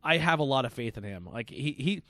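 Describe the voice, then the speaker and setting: A man hosts a casual beer podcast at an ordinary pitch, swearing often as he rambles through stories. His voice sounds dry and close, with little room sound. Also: animated, moderate pace, bright, forceful tone, no room sound. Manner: profane, rambling storyteller. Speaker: podcast host. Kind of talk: casual chat.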